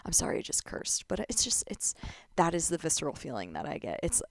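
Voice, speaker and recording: A woman's voice: low-pitched, very animated, fairly quick, creaky, a little hiss or hum. A young woman hosting a casual solo podcast, chatty and blunt, full of "like" fillers. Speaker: podcast host.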